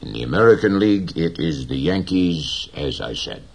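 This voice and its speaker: A man voicing a gentle, dignified old fisherman in an audiobook reading, slow and measured. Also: low-pitched, animated, gravelly, heavily acted.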